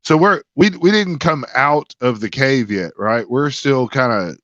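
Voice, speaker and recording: A man playing a tabletop game, eagerly working out the party's next move. His mid-pitched voice comes through a dull, lo-fi mic with a dry, close sound. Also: lively intonation, a little slow, a bit bright, dry recording. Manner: eager, planning tactics. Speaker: player. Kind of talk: casual tabletop game chat.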